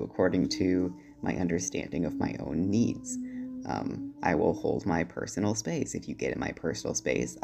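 Deep, gravelly man leaving a voicemail. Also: a little mellow. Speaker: voicemail caller. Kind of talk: recorded voicemail monologue.

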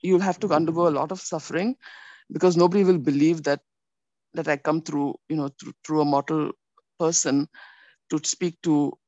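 A woman telling a personal faith story in a rambling, animated way, with many restarts. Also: low-pitched, moderate pace, no echo, dull audio. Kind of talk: personal testimony.

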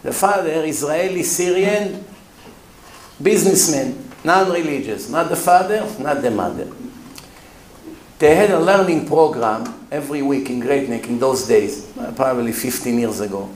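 A man's voice: mid-range voice, moderate pace. Rabbi guy telling a story at a lecture, emphatic, bit broken english, roomy hall w faint hum. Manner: emphatic, with non-native English phrasing. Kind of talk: storytelling sermon.

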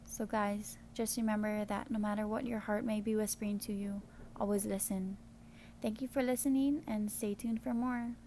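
A woman's voice: mid-range voice, steady tone, normal speed, dark tone, a little hiss or hum. Woman reading a podcast script. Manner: read-aloud, friendly, informative. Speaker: podcast host.

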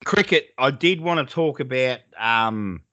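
A man's voice: medium pitch, expressive, a little slow, pushed and bright, no room sound, lo-fi sound. A man co-hosting a casual sports podcast over a video call, telling blunt, sweary stories. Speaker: podcast co-host.

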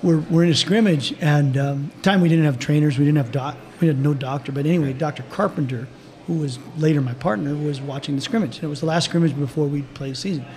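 A man's voice: a little high, quick pace, darkish tone. An older man, a team doctor, casually telling stories as a guest, rambling with restarts and chuckles. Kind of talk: casual storytelling.

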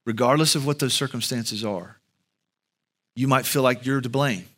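A man's voice: medium pitch, a bit bright. Earnest man preaching and praying. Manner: earnest, pleading prayer with slow emphatic pauses. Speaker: pastor. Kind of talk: sermon and closing prayer.

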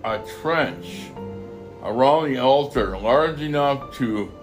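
A man reads scripture aloud at a slow, deliberate pace, stumbling and going back over phrases as he goes. His voice sits at an ordinary middle pitch. Soft music plays faintly underneath. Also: animated. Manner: halting, repeats and corrects phrases as he reads. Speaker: scripture reader. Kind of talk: reading a Bible passage aloud.

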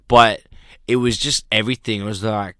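A man's voice: fairly low pitch, steady tone, moderate pace, fairly bright tone, smooth, no room sound, studio quality. A man who raps, telling rambling, profane stories in casual podcast chat and acting out what people said. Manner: profane, rambling storyteller who acts out quotes. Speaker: rapper guest.

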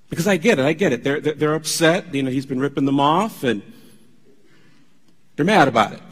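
Husky-voiced man preaching with emphasis. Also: medium pitch, animated, brisk, big-room sound. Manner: emphatic, conversational preaching with asides to the congregation. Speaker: pastor. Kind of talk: sermon.

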